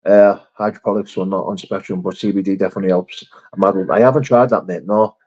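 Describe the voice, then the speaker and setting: A man's voice: deep voice, steady tone, fast talker, a little mellow, breathy edge. A man hosting a casual live stream, reading viewer comments aloud and answering them with frank, sweary chat. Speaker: livestream host. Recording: slightly dull lo-fi stream audio.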